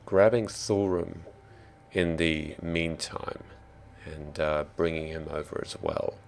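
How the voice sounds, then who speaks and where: Slow, gravelly game master. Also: male voice, rumbling low, steady tone, a little hiss or hum. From Australia. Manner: slow, deliberate narration. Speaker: dungeon master. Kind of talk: narrating a tabletop game.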